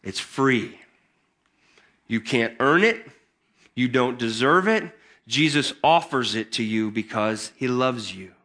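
A pastor preaching a sermon in a conversational, emphatic way. He often restarts his phrases and builds into excited bursts. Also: mid-range voice, slow. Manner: conversational and emphatic, with many repeated starts and a rising, excited delivery.

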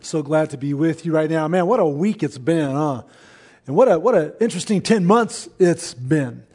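A man preaching a sermon to his church, in an earnest, conversational way with pauses. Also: fairly high pitch, animated, a little mellow, slightly rough. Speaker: pastor.

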